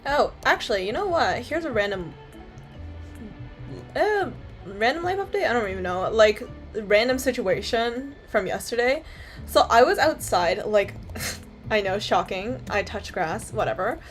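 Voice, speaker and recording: A young woman's fairly high voice rambles on through casual chat to her stream audience, piling up "like" and "um" and swearing freely. Faint music plays softly behind her. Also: lively intonation, measured pace. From Canada. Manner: rambling, filler-heavy storytelling, swears freely.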